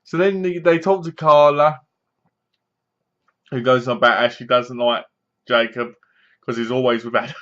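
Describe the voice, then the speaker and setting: A man's voice: mid-range voice, steady tone, normal speed, long pauses, a bit bright. Chatty man reviewing a film, lo-fi. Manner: rambling, chatty, with restarts and asides. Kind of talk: casual spoken film review. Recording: dull lo-fi home recording.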